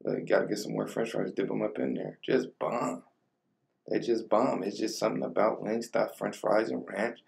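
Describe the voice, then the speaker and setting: Gravelly low-voiced young man vlogging. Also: moderate pace, darkish tone, recorded from a distance. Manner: laid-back slang-heavy chatter between bites. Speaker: mukbang vlogger. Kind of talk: casual food vlog. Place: home room with colored lighting.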